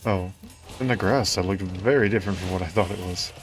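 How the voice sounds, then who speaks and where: A low-voiced man narrates his own gameplay for a stream. He talks to himself in a puzzled, self-mocking way. Faint game music runs underneath. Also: a little fast. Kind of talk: let's-play commentary.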